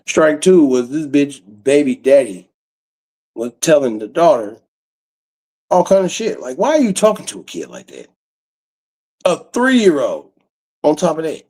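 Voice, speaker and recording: A man telling a comic story in a casual, profane, animated way, acting out the quotes. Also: fairly high pitch, normal speed, creaky, low-quality recording. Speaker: comedian storyteller.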